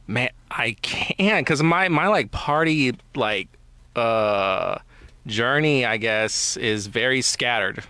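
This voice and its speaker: A man in his thirties, a comedian guest, talking in a relaxed, rambling way with many fillers. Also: medium pitch, takes it slowly, clean tone, no room sound. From Houston area. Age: 30s. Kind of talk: casual podcast chat.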